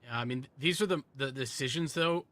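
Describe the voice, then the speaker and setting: A man doing quick, vivid play-by-play commentary on an esports match. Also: medium pitch, fairly bright tone. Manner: quick, vivid calls of the action.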